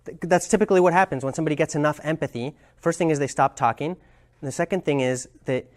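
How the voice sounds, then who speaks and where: A man with a fairly high voice teaches a workshop on communication. He explains ideas and tells stories, often pausing to find the right words. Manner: thoughtful, searching for words. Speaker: communication trainer.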